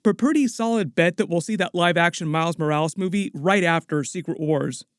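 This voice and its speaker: A man's voice: fairly high pitch, brisk, clean tone, dry recording, clean studio sound. A man hosting a movie news channel, talking casually and chatting directly to his viewers. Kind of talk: casual entertainment news commentary.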